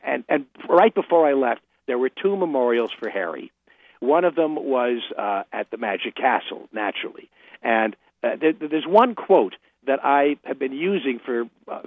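An older man joins a radio show by phone, speaking in a mid-range voice with no room sound. He tells casual stories in an anecdotal interview, full of laughter and restarts.

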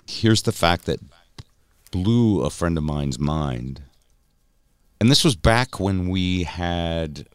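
A man hosting a podcast in casual chat, telling stories in an animated way and slipping into mock voices. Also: deep voice, clear, resonant tone, no echo, clean studio sound. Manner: chatty, animated storytelling, slips into mock voices. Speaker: podcast host.

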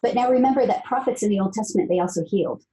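Earnest woman with a mellow voice. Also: medium pitch, lively intonation, very fast, poor audio. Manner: earnest, emphatic, repeats phrases. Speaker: guest author. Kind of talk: conversational storytelling.

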